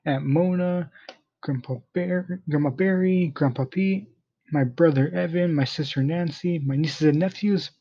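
Guy reading a story out, husky mellow voice, kinda muffled lo-fi audio. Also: fairly high pitch, unhurried. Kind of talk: first-person story narration. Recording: dull lo-fi recording.

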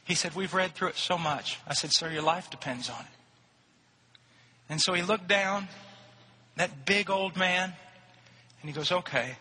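A man's voice: high-pitched, a little slow, pauses often, slightly rough. Impassioned preacher man in a reverberant hall. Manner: impassioned storytelling, rising to shouts. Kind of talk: sermon.

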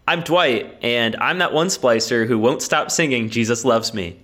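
Casting: male podcast co-host, bright tone, goofy and quick, laughs a lot. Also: mid-range voice. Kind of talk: casual comedic podcast chat.

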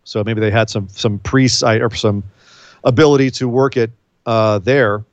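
A man co-hosting a podcast in casual chat, speculating at length and throwing in quick quips. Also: medium pitch, fairly even intonation, no room sound, highs cut off. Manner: speculative, rambling, quick to quip. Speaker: podcast co-host.

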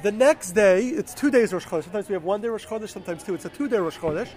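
A man's voice: high-pitched, animated, rapid-fire, darkish tone. A man casually retelling a Bible story, with fillers and self-corrections.

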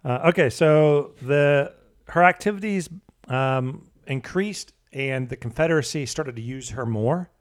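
A man co-hosting a casual podcast, telling a history story in a halting way with many fillers and restarts. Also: mid-range voice. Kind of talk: casual chat.

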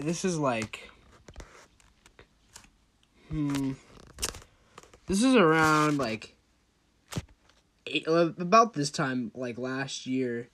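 A man's voice: fairly high pitch, fairly bright tone, a little hiss or hum. A teenage boy hosting his own podcast, telling a story in a rambling, casual way, full of "like" and swearing. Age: teens. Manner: rambling, loose and profane, heavy on "like". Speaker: podcast host.

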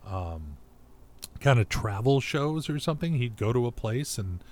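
A man co-hosting a laid-back podcast, talking in a loose, rambling way. His voice sits at an average pitch, and he chats easily with his friend. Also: a little slow. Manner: relaxed, rambling with fillers and restarts. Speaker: podcast co-host. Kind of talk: casual chat.

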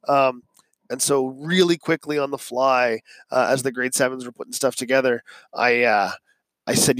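A male teacher telling a casual anecdote from his classroom in a brisk, conversational way. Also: medium pitch, no room sound, low-quality recording.

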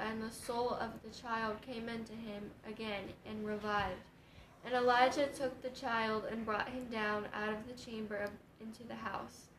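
A woman reads scripture aloud in a flat, even, fairly high voice, steady and formal. The room is echoey, with faint ambience behind her. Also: a little hiss or hum. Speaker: scripture reader.

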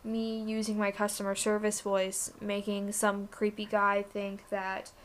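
A woman's voice: medium pitch, completely flat delivery, unhurried, slight background noise. A young woman co-hosting a podcast, talking candidly and casually about work, swearing now and then. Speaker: podcast co-host. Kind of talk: casual chat.

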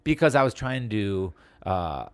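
A man co-hosting a casual podcast, telling an animated story with acted-out quotes, swearing and laughing often. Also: lowish voice, a little slow, smooth, dry recording. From Wisconsin, USA. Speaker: podcast co-host.

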